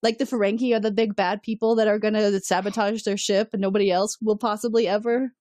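Woman podcast co-host, mid pitch, dry close mic; giggly, casual recapper. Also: little pitch movement, darkish tone, no echo. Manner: giggly, quick to laugh, recaps scenes in voices. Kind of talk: casual chat recapping a TV episode.

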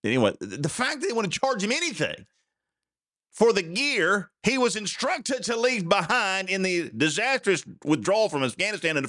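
A man's voice: high-pitched, very animated, moderate pace, fairly bright tone, no echo, studio quality. A man hosting a solo commentary podcast, rambling and indignant, his voice jumping up sharply when he gets outraged. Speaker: podcast host. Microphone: desk mic with a censor button.

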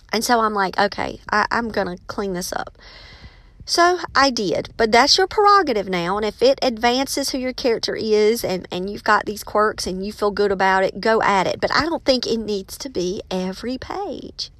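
A woman's voice: mid-range voice, expressive, moderate pace, a bit bright, no echo. A woman, a teacher and author giving casual, emphatic advice and calling her listeners y'all.

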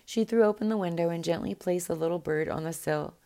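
A woman reading a fairy tale aloud in a gentle, unhurried way, with the odd small restart. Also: fairly low pitch, vocal fry. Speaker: storyteller. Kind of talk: storybook read-aloud.

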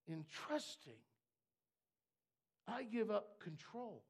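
Gravelly preacher guy, slow and dramatic, voice jumps all over from hush to shout. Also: a little high, lively intonation. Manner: swings from hushed asides to shouted fervor. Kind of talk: sermon.

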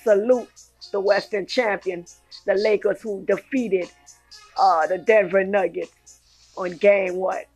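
A woman hosting a casual sports podcast, excitably reading scores and highlights with lots of slang and exclamations. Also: slow pace, pauses often, husky, soft background music. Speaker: podcast host.

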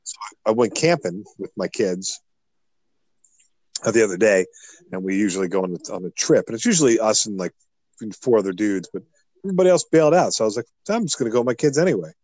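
A middle-aged man co-hosting a podcast, telling a rambling, animated story in casual chat. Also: fairly low pitch, quick pace, dry recording, low-quality recording. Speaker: podcast co-host.

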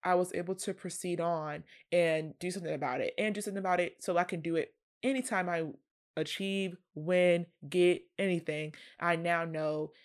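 A woman's voice: fairly low pitch, steady tone, normal speed. A woman in her twenties hosting a solo podcast, talking to her listeners in a chatty, earnest way. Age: 20s. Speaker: podcast host. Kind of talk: casual solo podcast talk.

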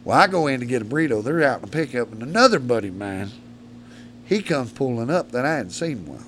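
Rough-spoken man spinning rambling stories. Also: mid-range voice, expressive, quick pace, fairly bright tone, a little hiss or hum. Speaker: podcast guest, predator hunter. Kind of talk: casual storytelling. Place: studio.

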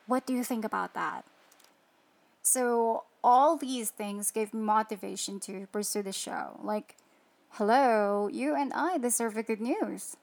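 A woman's voice: a little high, a little slow, creaky, darkish tone. A woman hosting a faith-based motivational show, chatting with listeners and asking them rhetorical questions. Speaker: show host.

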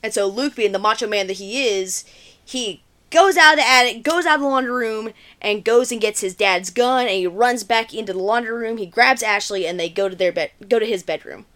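A woman's voice: on the high side, fairly quick, fairly bright tone. A woman co-hosting a podcast, casually recapping a film's plot in a chatty way with lots of filler words. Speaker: podcast co-host.

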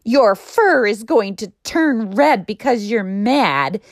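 A woman's voice: fairly high pitch, animated, takes it slowly, dry recording, studio quality, pitched above the performer's own voice, full character voice. A woman voicing a playful, teasing young male goat in a children's storybook reading, with a giggly manner.

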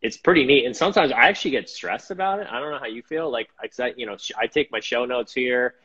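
A man's voice: mid-range voice, quick pace, pushed and bright, breathy edge, highs cut off. A man hosting a podcast interview, chatting casually, upbeat and rambling with self-deprecating jokes. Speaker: podcast host.

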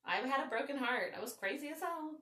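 A woman hosting a podcast, telling a story in a casual, animated, foul-mouthed way. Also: high voice, fast, echoey room, distant mic. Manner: animated, swearing, lots of "like". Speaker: podcast host.

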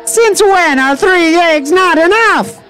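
A woman voicing an exasperated, complaining woman at a fair in an animated storybook, with faint music playing behind her. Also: very high-pitched, slow, heavily acted. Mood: indignant. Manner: indignant, complaining. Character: grumpy exasperated woman with a goose.

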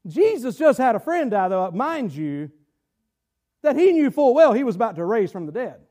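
A man's voice: very high voice, big pitch swings, moderate pace, warm tone. A man preaching a sermon in church, drawling, stretching words, asking the congregation questions. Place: church sanctuary.

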